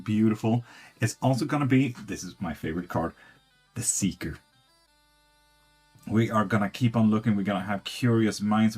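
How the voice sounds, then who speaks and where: A man's voice: on the low side, darkish tone, breathy edge. A man giving casual tarot readings on a live stream, blunt and swearing freely.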